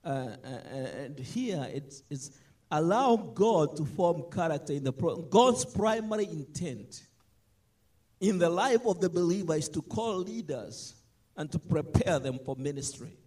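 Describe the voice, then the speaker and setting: A man preaching a sermon, animated, swinging between loud emphatic lines and soft asides. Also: fairly high pitch, a little slow.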